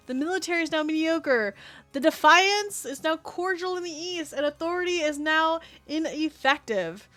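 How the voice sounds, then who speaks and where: A woman streaming a game with her chat, talking casually, excitable and quick to swear and laugh. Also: very high voice, soft background music.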